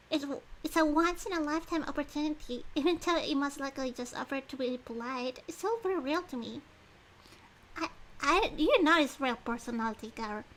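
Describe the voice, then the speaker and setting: A woman's voice: sits high, a bit bright, slight background noise. A woman streamer reading a visual novel aloud and chatting about it, giggly and thinking aloud.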